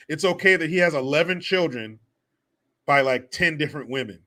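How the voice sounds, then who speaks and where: A man's voice: fairly high pitch, expressive, fairly quick, bright, forceful tone. A man hosting a livestream, chatting casually and reading viewer donations with crude, profane jokes. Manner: crude, joking, profane banter. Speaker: livestream host.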